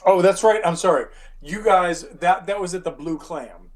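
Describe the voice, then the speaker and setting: A man's voice: high-pitched, moderate pace. A man running a tabletop game as game master, casual and profane, acting out scenes with sound effects.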